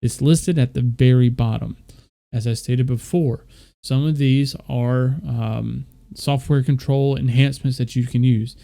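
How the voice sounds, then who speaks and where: In a casual screen-share tutorial, a young streamer walks viewers through his microphone settings, rambling loosely with fillers. He speaks at a measured pace in a medium-pitched, steady voice that is gravelly and warm.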